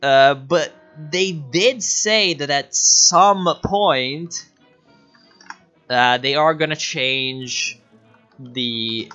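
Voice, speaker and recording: A man giving casual, profane, excitable commentary while livestreaming a strategy game, often laughing. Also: medium pitch, extremely slow. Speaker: streamer. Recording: dull lo-fi mic with faint music.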